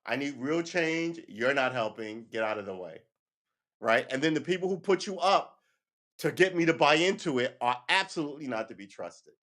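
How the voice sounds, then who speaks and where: A man in mid-pitch hosts his own livestream in a loose, unscripted rant. He talks with heated emphasis and curses freely. He breaks up his points with short laughs and a tag of "right?". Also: expressive, normal speed, a bit bright. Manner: heated and emphatic, often swearing; keeps asking "right?" and laughs between points. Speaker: livestream host.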